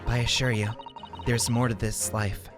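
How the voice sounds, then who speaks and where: A man voicing a sincere young male law student in a game, speaking slowly and solemnly. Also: mid-range voice, little pitch movement, music in the background, natural voice. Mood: earnest.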